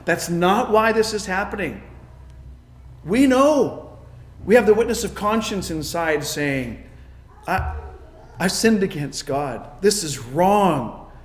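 A man preaching a sermon, emphatic, swinging between loud declarations and quiet asides. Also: high voice, expressive, slow, long pauses, echoey room. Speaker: pastor.

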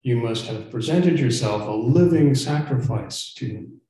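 A man's voice: medium pitch, a little slow, dark tone. A man preaching a sermon as pastor, earnest and emphatic, sometimes stumbling and repeating words as he presses a point. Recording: very echoey church room.

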